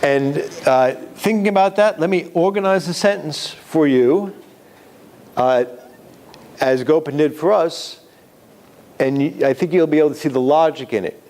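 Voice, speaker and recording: A man's voice: on the high side, unhurried, a little mellow. A man giving a live classroom lecture on writing, explaining step by step with examples.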